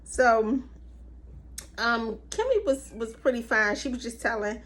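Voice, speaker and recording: A woman's voice: a little high, measured pace. A woman recapping a reality TV episode in a casual, chatty way, with slangy asides and frequent laughs. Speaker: TV recap vlogger.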